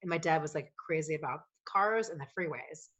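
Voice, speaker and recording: A woman with a notably low voice tells long personal stories with animated, emotional energy. She swears freely and rambles from one thought to the next. The tone is relaxed and conversational, like a podcast chat. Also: brisk, husky, muffled recording. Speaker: podcast guest, coach. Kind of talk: casual storytelling conversation.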